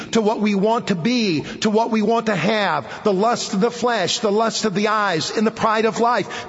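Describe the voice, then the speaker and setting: A man preaching a sermon to a seated audience, speaking emphatically, repeating key phrases and letting his voice sink low at the ends of phrases. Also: a bit bright, big-room sound, highs cut off. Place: hall with an audience.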